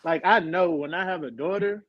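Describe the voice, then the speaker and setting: A man's voice: high voice, normal speed, no room sound. A young adult man, a guest on a podcast panel, talking in a candid, loose and slangy way. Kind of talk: casual panel chat. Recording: dull, muffled sound.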